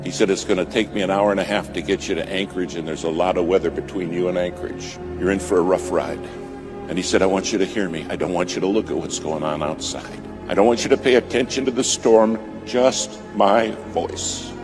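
A man preaching a sermon, telling a story with dramatic swings from loud to hushed. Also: low voice, brisk. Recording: music bed behind voice.

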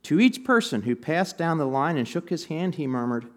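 A man's voice: a little high, very animated, normal speed. A man preaching a sermon in a conversational, storytelling way, with bits of humor, to a church audience. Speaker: pastor.

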